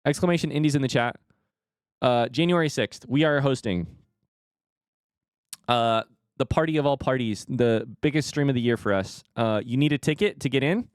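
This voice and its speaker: A young adult man hosting a casual live stream, talking to chat and swinging from hushed remarks to loud excited outbursts. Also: mid-range voice, normal speed, long pauses, clean tone, dry recording, clean studio sound. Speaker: streamer host.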